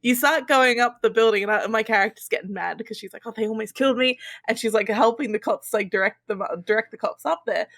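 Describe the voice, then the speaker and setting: A woman's voice: a little high, quick pace, gravelly, hardly any pauses, fairly bright tone, dry recording. A woman telling roleplay stories on a podcast in an upbeat, casual way. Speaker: podcast guest. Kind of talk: casual chat.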